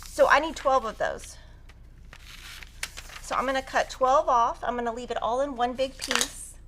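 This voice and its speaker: A woman's voice: high voice, moderate pace, a bit bright, a little hiss or hum. A woman teaching a quilting tutorial on a live stream, chatty and upbeat as she talks through cutting fabric. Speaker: quilting instructor.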